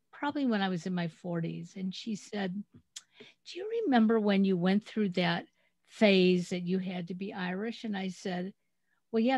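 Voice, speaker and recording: A middle-aged woman hosts a podcast and retells family stories in a chatty, animated way. Her voice sits at a middle pitch. The recording is dry and close, with no room sound, over a remote call. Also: no echo, dull audio. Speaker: podcast host. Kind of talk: casual interview chat.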